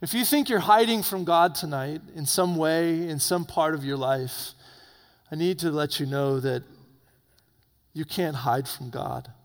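A man preaching an evening sermon, swinging between loud urgent peaks and low hushed warnings. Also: unhurried. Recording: long reverb of a hall.

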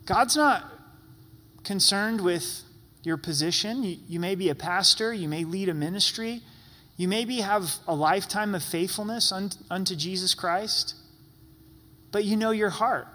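A man's voice: high voice, measured pace, bright, forceful tone, in a large hall. A man preaching a sermon as pastor in a church sanctuary, talking in an earnest, pleading, conversational way.

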